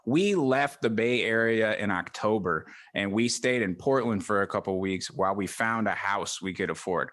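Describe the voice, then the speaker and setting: A man's voice: mid-range voice, fairly bright tone. A man rambling in a jokey, self-mocking way as a comedy guest, talking from his living room on a video call. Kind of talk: casual rambling comedic chat.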